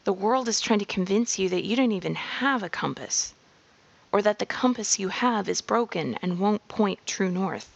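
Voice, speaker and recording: A woman giving a slow, measured reflective monologue on personal growth. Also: mid-range voice, expressive, gravelly, lo-fi sound. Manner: slow, measured, drops into whispers.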